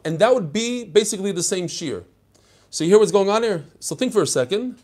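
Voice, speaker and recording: A man's voice: sits high, fairly bright tone. An older man teaching a daily Talmud class, chatty and digressive, mixing Hebrew and Yiddish terms into his talk. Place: study hall.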